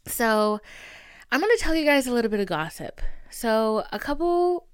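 A woman's voice: fairly high pitch, very animated, moderate pace, clean tone, no room sound, studio quality. A young woman hosting a podcast, telling a gossipy story in a dramatic, chatty way and laughing often. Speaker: podcast host. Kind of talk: casual storytelling chat.

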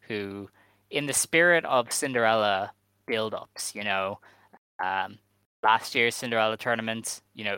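A man co-hosting a casual podcast, walking through the news in a steady, methodical way with "um" fillers. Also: fairly low pitch, clean tone, no room sound. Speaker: podcast co-host.

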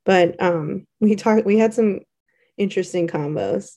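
A woman's voice: medium pitch, measured pace, mellow. A woman co-hosting a podcast in casual chat, talkative, with lots of fillers and easy laughs. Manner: chatty, laughs often, many fillers. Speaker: podcast co-host.

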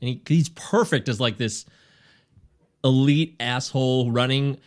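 A man's voice: mid-range voice, a little slow. A man co-hosting a podcast, chatting casually and enthusiastically about movies, swearing freely. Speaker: podcast co-host. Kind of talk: casual chat.

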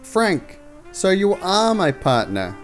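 An earnest young male rookie cop , voiced by a man, excitable and easily flustered. He talks in a high, bouncy voice full of eagerness. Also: slow, soft background music, full character voice. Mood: eager.

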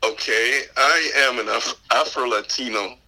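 Bright-toned man, West Indian accent. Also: medium pitch, unhurried, rough recording. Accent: West Indian Panamanian. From Panama. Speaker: podcast guest. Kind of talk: casual interview chat.

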